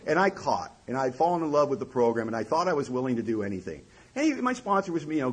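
A middle-aged man telling a self-mocking story to an audience, wry and lively, with a husky voice. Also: mid-range voice, fast, low-quality recording. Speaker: recovery speaker.

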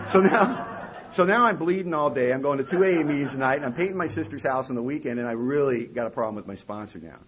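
A middle-aged man telling a self-mocking story to an audience, wry and lively, with a husky voice. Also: on the high side, fast talker, a crowd in the background, poor audio. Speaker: recovery speaker.

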